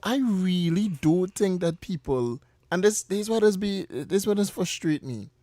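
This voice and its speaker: A man with a Trinidadian accent hosting talk radio, passionate and quick to laugh. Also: sits high, expressive, mellow, dry recording. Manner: laughs often, passionate, addresses co-host as "boy" and "heavy". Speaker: radio talk show host. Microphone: studio mic.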